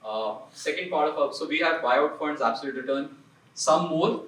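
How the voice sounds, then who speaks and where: A man's voice: a little high, moderate pace, a bit bright, roomy sound, distant mic, low-quality recording. A man who leads an investment firm gives a seminar talk in a punchy, conversational way, often throwing rhetorical questions at the audience. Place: seminar room.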